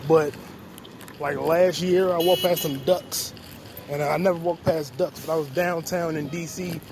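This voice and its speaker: A man's voice: fairly high pitch, fairly even intonation, a little slow, creaky, a little mellow, soft background music. A young man hosting a casual vlog outdoors on a city street, rambling and swearing as he jokes to himself. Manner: rambling, profane, joking to himself. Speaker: podcast host. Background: street traffic noise.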